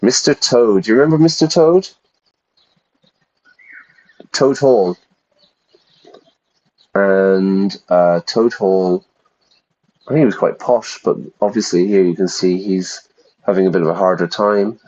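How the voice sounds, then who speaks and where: A low-voiced man teaching English while he plays a game on stream, chatty and explaining words as he goes. He often asks viewers questions. His sound is dull and lo-fi. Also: takes it slowly, pauses often, a little mellow. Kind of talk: casual game commentary for learners.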